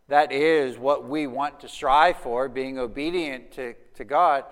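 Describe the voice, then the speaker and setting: A man's voice: medium pitch, long reverb tail. A man preaching a sermon as pastor, talking in a loose, conversational way with frequent restarts. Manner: conversational, animated storytelling with restarts.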